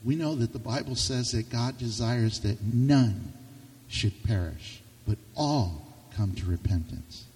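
A man preaching a sermon with passion, his voice swinging from loud to hushed. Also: medium pitch, takes it slowly. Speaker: pastor. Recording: reverberant hall, distant mic.

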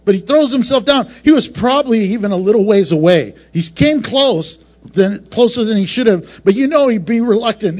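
Passionate high-voiced preaching man. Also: lively intonation, normal speed, highs cut off. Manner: passionate, varied delivery with laughs and acted asides. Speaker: pastor. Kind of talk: sermon.

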